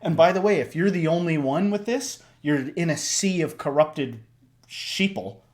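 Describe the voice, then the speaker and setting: A man hosting a casual reaction discussion, talking in an animated way that swings up and down. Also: normal speed. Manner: animated, shifts pitch and loudness a lot, acts out voices. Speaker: reaction video host.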